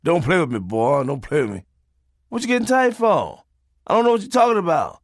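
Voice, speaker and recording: Man playing a pompous old grandpa, slow and self-important, very dry sound. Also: on the high side, huge pitch swings, dry recording, pitched above the performer's own voice. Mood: irritated. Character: pompous old grandfather misusing big words.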